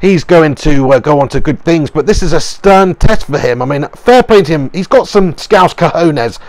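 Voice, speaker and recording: A man's voice: fairly high pitch, lively intonation, normal speed, no echo. Man, young adult, channel host, opinionated, rambling, fillers, dry recording. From England. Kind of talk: casual reaction commentary.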